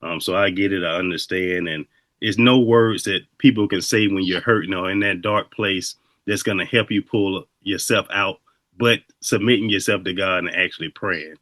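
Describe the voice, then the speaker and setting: A man's voice: low voice, normal speed, a bit bright, no room sound. A man hosting a podcast, talking in a laid-back, reflective way with loose, rambling stories. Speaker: podcast host. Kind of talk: casual interview chat.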